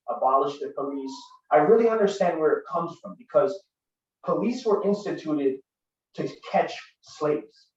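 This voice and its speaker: A man in his thirties from Canada, giving an earnest, conversational talk built on personal stories. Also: a little high. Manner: earnest, conversational, grows forceful. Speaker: guest speaker. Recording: distant roomy lo-fi recording.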